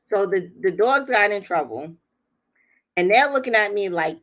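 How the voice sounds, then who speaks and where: Animated and unhurried, a woman with a mid-range, fairly bright voice recounts a story on her livestream. She keeps it chatty, breaks into laughter often, and imitates what others said.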